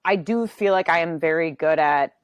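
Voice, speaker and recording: Woman, low pitch, casual conversation, thinks aloud, swears now and then, dry sound. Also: moderate pace, no room sound. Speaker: podcast host. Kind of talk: casual chat.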